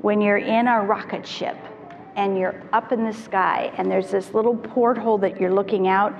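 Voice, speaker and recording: Woman, middle-aged, child therapist, animated storyteller, acts out voices, dull lo-fi sound, faint hiss. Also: medium pitch, moderate pace, vocal fry. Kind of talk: storytelling talk to parents. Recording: reverberant hall, dull lo-fi sound, faint noise.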